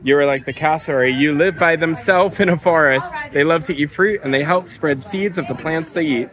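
A woman's voice: deep voice, fairly quick, low-quality recording. A woman vlogging a family day at an outdoor zoo, playfully teasing and chatting with her kids. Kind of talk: casual family vlog chat.

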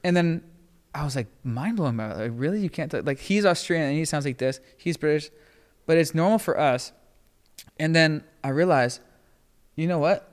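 A man hosting a podcast, talking in a loose, rambling way with many fillers and getting animated as he tells stories. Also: on the high side, moderate pace, smooth, in a large hall. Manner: rambling, heavy filler words, animated when telling stories. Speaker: podcast host. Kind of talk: casual chat.

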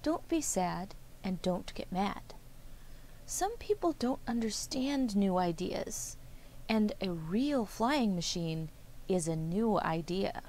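A woman voicing a cheerful, wise little bird in a children's story, with a high chirping voice. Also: lively intonation, takes it slowly, darkish tone. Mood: chirpy.

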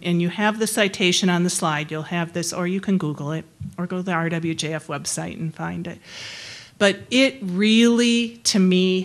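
A middle-aged woman giving a conversational presentation to a forum as a public health researcher, plain-spoken and friendly, laughing easily between points. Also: fairly low pitch.

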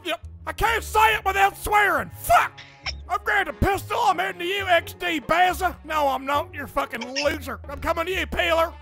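Male streamer doing a shrill, bright, hot-headed loudmouth, swears constantly, game chat prank. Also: moderate pace, soft background music, exaggerated voice. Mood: grumbling. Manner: blustering, profane, rambling. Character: touchy, aggressive, loud young man.

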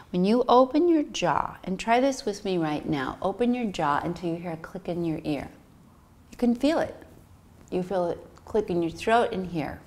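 A middle-aged woman teaching meditation, talking soothingly and demonstrating breaths and sighs aloud. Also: on the low side. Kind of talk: guided meditation instruction.

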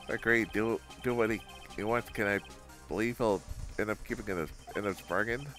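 A man voicing a cold, calculating male kidnapper in a video game, speaking slowly and menacingly. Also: on the low side, a bit bright, faint music behind, close to an everyday voice.

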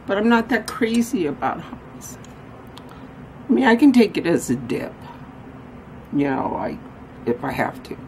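Her medium-pitched voice is very animated and a little mellow, unhurried and pausing often. She's a woman doing a casual vlog, rambling and poking fun at herself while out on errands and then back home. The audio is poor, with a little hiss or hum.

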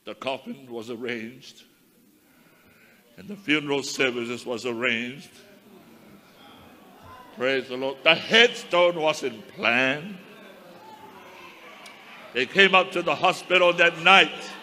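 Fervent, bright-voiced male preacher. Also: medium pitch, slow, long pauses, a little hiss or hum. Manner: fervent preaching, addresses the congregation as saints. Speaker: minister. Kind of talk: testimony sermon. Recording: long hall reverb with faint crowd.

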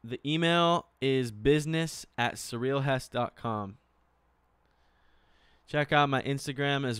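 Smooth-voiced young man chatting on stream. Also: medium pitch, dry recording. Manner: relaxed, chatty, thanks viewers often. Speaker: singer hosting a live stream. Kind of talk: casual chat with viewers.

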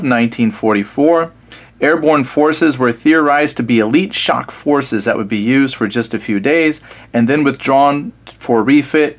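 A man at mid pitch talks his way through a solo board wargame in a casual, easygoing manner. He reads the scenario text aloud, then muses on his setup in a relaxed, self-deprecating tone. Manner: thinks aloud while reading out scenario text. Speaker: board wargame player and channel host.

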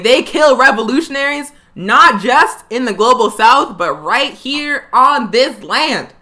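A woman's voice: a little high, pushed and bright. A young woman hosting a live political talk show, fiery and emphatic, hammering points home by repeating phrases. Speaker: political education show host.

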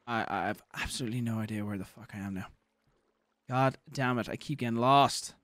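A man's voice: mid-range voice, brisk, a bit bright, dry recording. A young man livestreaming a game, chatting casually, swearing and thanking viewers for donations. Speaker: streamer. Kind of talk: casual livestream chat while gaming.

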